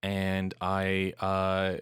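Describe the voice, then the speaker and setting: Very deep-voiced man playing a tabletop game. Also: monotone, extremely slow, a bit bright, clean tone, no room sound, studio quality. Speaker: player. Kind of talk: casual tabletop role-play.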